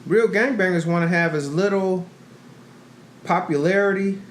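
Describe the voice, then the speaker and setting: With a voice that sits high and a moderate pace, this middle-aged podcast co-host swaps profanity-laced stories in relaxed conversation, performing the quotes. Faint noise and a roomy echo color the recording.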